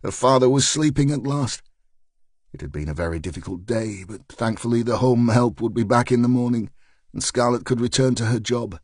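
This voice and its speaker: A man narrating a mystery thriller audiobook in a steady, measured reading. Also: mid-range voice, dry recording, studio quality. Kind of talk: scripted narration.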